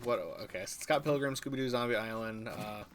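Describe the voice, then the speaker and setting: A man's voice: mid-range voice, fairly quick, a bit bright, slight background noise. Rambling young man on voice chat. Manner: rambling, crude jokes, many "uh"s. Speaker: gaming friend on stream. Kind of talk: casual gaming chat. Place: online voice chat.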